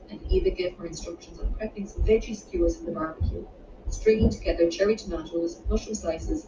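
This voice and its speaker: A woman reading her own romance novel aloud in a measured, unhurried way, with the odd small restart. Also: mid-range voice. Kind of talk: audiobook narration. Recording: roomy, distant, muffled home recording with background noise.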